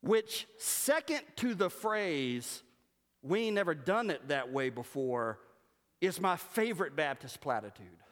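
A man preaching a sermon as pastor, animated and humorous, mimicking voices to make his points. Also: on the high side, a little slow. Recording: long reverb of a church hall.

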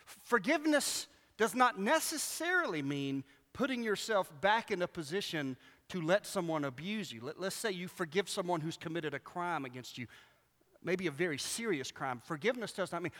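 A man's voice: sits high, animated, normal speed, bright, forceful tone. A man preaching a sermon, telling stories with animation and acting out the voices of the people he quotes. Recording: long hall reverb.

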